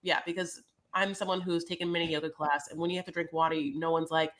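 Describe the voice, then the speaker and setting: A woman's voice: lowish voice, flat delivery, fast, fairly bright tone. A woman co-hosting a podcast, chatting casually and sassily about a reality show, calling listeners honey. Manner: chatty, sassy, calls listeners "honey" and "my loves". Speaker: podcast co-host. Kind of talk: casual reality-TV recap chat.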